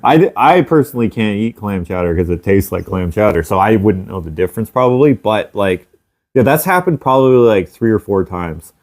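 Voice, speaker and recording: A man's voice: fairly low pitch, lively intonation, brisk, a little mellow. A young man co-hosting a casual chat show, teasing his brother and laughing as he mimics him. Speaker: co-host.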